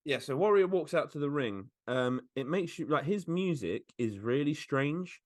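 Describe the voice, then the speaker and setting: A man's voice: a little high, expressive, moderate pace, over loud music. A man co-hosting a podcast in casual chat, often laughing as he recounts things. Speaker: podcast co-host.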